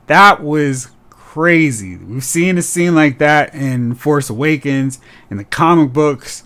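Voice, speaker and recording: A man hosting a casual podcast chat, talking animatedly and acting out character lines in quick impressions. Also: on the high side, expressive, a bit bright. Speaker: podcast host.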